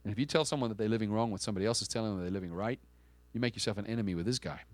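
A man's voice: on the low side, racing, no room sound. Male pastor, conversational sermon delivery, punchy emphasis, dry room. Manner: conversational and emphatic, with rhetorical questions and frequent restarts.

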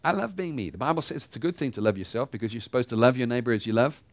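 Talking very fast in a medium-pitched male voice, a pastor delivers a conversational sermon full of rhetorical questions to the congregation.

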